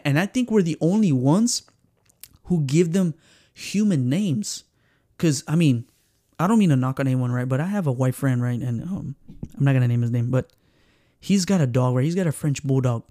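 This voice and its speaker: A man with a Mexican accent hosts a casual podcast, animated as he tells stories. His voice sits fairly high with a mellow, soft-edged tone. The sound is dry and close, with no room echo. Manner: animated storyteller who acts out quotes and slips into Spanish phrases. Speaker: podcast host. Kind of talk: casual chat.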